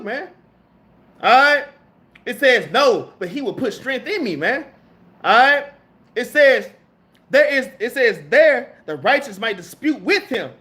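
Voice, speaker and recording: A man's voice: very high voice, fairly bright tone. A man preaching a casual, slangy Bible lesson, reading verses aloud and then explaining them, saying "man" and "all right?" again and again. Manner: reads scripture aloud and then riffs on it. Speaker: preacher teaching a Bible class. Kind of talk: street-style sermon.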